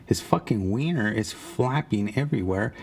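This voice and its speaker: A man's voice: lowish voice, animated, moderate pace, darkish tone, breathy edge. A man casually telling a rambling, profane story about his days as a car salesman. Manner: rambling, profane, with frequent restarts.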